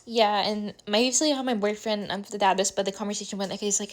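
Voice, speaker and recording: A woman's voice: mid-range voice, steady tone, fast, hardly any pauses. A young woman talking to her phone camera at home while doing her makeup, rambling and scattered as she pours out a personal confession. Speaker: vlogger. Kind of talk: emotional get-ready-with-me confessional.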